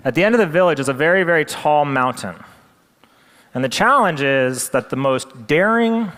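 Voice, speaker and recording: A male presenter telling a story with animated, dramatic delivery. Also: mid-range voice, in a large hall.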